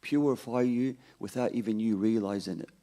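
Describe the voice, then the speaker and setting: A man voicing a patient, wise old grandfather in a story told during a sermon, in his own low voice. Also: moderate pace, mellow, lightly acted.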